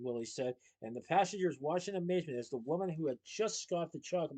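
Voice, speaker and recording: A man with a somewhat high voice reads a children's novel aloud. He keeps a steady, lively storytelling pace. His delivery sounds like a bedtime chapter reading. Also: brisk, few pauses, low-quality recording.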